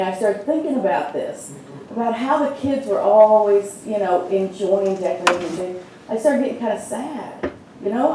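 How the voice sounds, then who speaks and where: A woman's voice: fairly high pitch, mellow, slight background noise. Echoey middle-aged woman minister preaching. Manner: conversational, storytelling with frequent fillers. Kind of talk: sermon. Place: church sanctuary. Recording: very echoey hall from far off.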